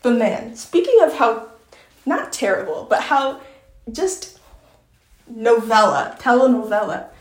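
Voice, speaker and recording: A woman's voice: on the high side, lively intonation, slow pace, pauses often, roomy sound. A woman with a Southern accent hosting her own podcast, chatting in an effusive, filler-heavy way and reading aloud from her book. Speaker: podcast host.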